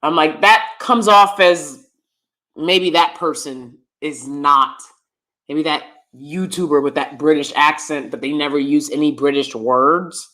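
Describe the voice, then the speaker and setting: A woman's voice: lowish voice, a bit bright. A woman hosting a live review, an acting teacher who talks to her viewers casually, often repeating words and checking in with "right?".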